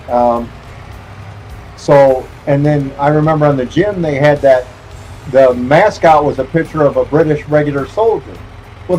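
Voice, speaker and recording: A man's voice: a little high, a little mellow, slight background noise, poor audio. A man streaming a game, chatting casually in a rambling, joking way and chuckling often. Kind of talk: casual chat while gaming.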